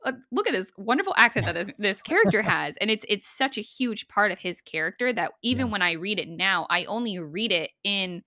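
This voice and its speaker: A woman's voice: mid-range voice, big pitch swings, a little fast, hardly any pauses, bright, forceful tone, no room sound, studio quality. A female podcast host asking questions in a casual interview, enthusiastic and giggly.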